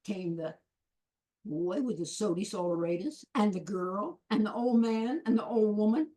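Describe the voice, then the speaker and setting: A woman's voice: medium pitch, animated, normal speed, dark tone. Rhythmic woman telling a folk tale. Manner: rhythmic, repetitive, with sound words. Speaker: storyteller.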